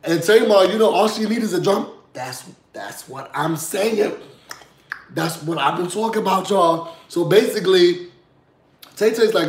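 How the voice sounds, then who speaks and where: Hoarse, sassy man recapping reality TV. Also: high voice, moderate pace, reverberant. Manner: chatty, sassy, asks "you know what I'm saying?". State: hoarse, under the weather. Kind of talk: casual recap commentary.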